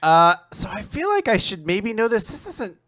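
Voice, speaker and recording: A man's voice: high-pitched, normal speed. A man co-hosting a casual manga recap podcast, retelling scenes and jumping into exaggerated character voices. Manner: animated, acts out characters' lines in exaggerated voices. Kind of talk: casual chat.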